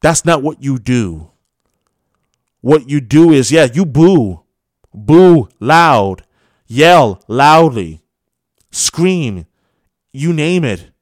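A man's voice: fairly high pitch, expressive, extremely slow, long pauses, no echo, clean studio sound. A man hosting a sports radio show, giving a heated opinion monologue full of scolding rhetorical questions. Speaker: radio host.

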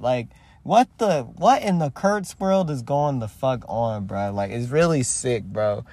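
A man's voice: medium pitch, lively intonation, a little slow, darkish tone, no room sound. A young man hosting a casual solo podcast, speaking in a loose, profane, slangy way that trails off and restarts. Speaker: podcast host.

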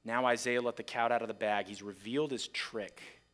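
A man preaching a sermon, reading scripture aloud dramatically and acting out the voices of a shouting crowd. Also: mid-range voice, fairly even intonation, normal speed. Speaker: pastor.

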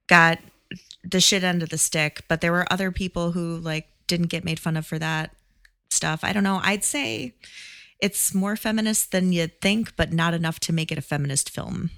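A woman's voice: lowish voice, fairly even intonation, moderate pace, fairly bright tone. A woman guest on a movie podcast, talking things through thoughtfully and laughing often. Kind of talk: casual movie podcast chat.

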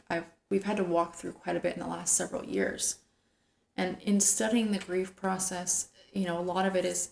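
A woman giving a devotional Bible teaching, earnest and tender, sometimes dropping to a soft whisper for emphasis. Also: on the low side, vocal fry, reverberant, slight background noise.

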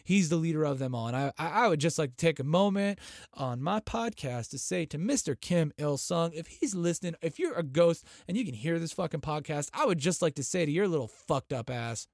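A man's voice: a little high, lively intonation, brisk, no echo. Profane ranting man, dry sound. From United States. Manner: profane, mocking, shifts between loud outbursts and muttering. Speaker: podcast host. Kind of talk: profane comedic rant.

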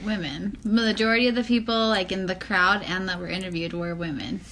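A woman's voice: mid-range voice, fairly even intonation, fairly quick, a bit bright, slight background noise. A woman co-hosting a casual chat podcast, reading from notes and chatting with frequent "like" fillers. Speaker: podcast co-host.

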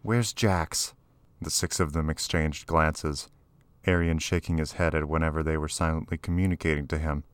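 A man narrating an audiobook in a steady, even storytelling manner. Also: rumbling low, fairly quick, clean tone, no echo. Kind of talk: scripted narration.

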